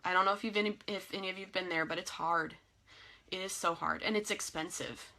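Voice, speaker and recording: Bright, earnest woman. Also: lowish voice, steady tone, a little fast. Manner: earnest, heartfelt, emotional. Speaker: network marketing team leader. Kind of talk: live video team training. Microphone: phone or webcam on a live video.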